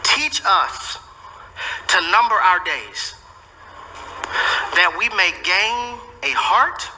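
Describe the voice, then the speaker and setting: A man's voice: sits high, animated, very slow, bright, forceful tone. Emphatic preacher man in echoey sanctuary. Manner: emphatic preaching with repeated phrases. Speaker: pastor. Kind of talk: sermon. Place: church sanctuary. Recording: echoey sanctuary with long reverb.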